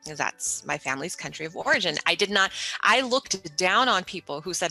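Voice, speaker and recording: A middle-aged woman, a guest in an interview, telling her story in an animated way and often acting out other people's voices. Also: medium pitch, moderate pace, faint music behind. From United States.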